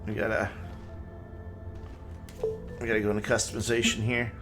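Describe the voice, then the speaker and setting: Relaxed man chatting over game music. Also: lowish voice, moderate pace. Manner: relaxed, chatty, thinks aloud. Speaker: streamer. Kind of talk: casual gameplay commentary.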